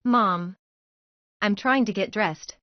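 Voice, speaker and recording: A woman's voice: mid-range voice, expressive, normal speed, dry recording, highs cut off, lightly acted. A woman voicing a secretive, lovesick teenage girl ninja with a whiny teen manner, in a fan-fiction story reading.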